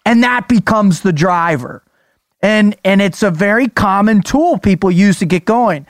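A man's voice: high-pitched, lively intonation, a little slow, dry recording, clean studio sound. A man hosting a conversation, asking probing questions and reflecting on what he hears. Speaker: podcast host. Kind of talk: interview conversation.

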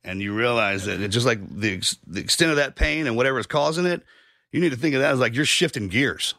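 A man hosting a casual podcast who talks quickly in a gravelly voice. He rambles through folksy, homespun analogies and swears casually. The recording is close and dry. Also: mid-range voice, lively intonation, sharp tone, dry recording. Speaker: podcast host.

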